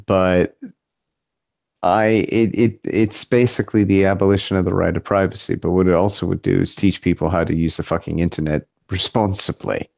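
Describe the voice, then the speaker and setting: A man guesting on a casual podcast, animated and quick to disagree. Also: sits low, gravelly, dry recording. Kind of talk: casual discussion.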